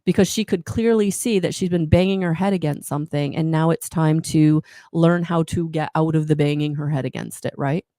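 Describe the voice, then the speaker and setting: A woman with a deep, mellow voice talks a little fast with hardly any pauses during a live oracle card reading. As an intuitive reader she rambles, encourages, and often corrects herself mid-sentence, all in clean studio sound with no room tone.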